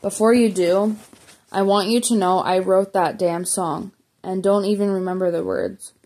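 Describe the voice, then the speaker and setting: A woman reading the lines of a kind, gracious older country singer, gently and reassuringly. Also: medium pitch, steady tone, moderate pace, natural voice. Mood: gentle.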